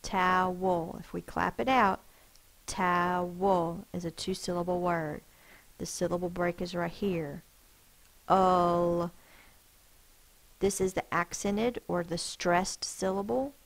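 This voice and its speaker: A woman teacher walks her class through spelling words, sounding out each letter with careful emphasis. Her voice is low and gravelly, and she speaks at a very unhurried pace. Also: fairly even intonation, low-quality recording.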